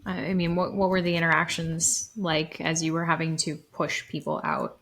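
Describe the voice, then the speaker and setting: Low-voiced woman host asking questions. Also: lively intonation, normal speed, gravelly, a bit bright. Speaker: podcast host, interviewer. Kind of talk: interview questions.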